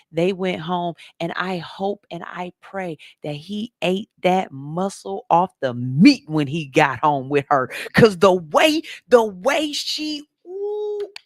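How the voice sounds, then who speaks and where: A woman hosting a radio stream tells a story with lively, animated energy. Her voice has a gravelly edge. The sound is close and dry. She talks right to her audience the whole time. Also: sits low, no room sound. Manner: slips into soft, hushed voices when quoting people. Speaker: radio show host. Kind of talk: casual livestream storytelling.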